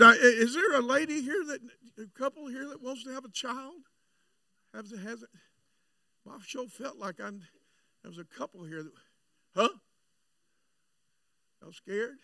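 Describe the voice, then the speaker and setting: A high-voiced man with a gravelly edge and a bright, sharp tone, preaching a revival sermon. He moves from joking storytelling to fervent shouting. The sound is dry and heard from a little away from the mic. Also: measured pace, pauses often, no echo, distant mic. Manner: builds from chatty storytelling to loud shouting. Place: church sanctuary.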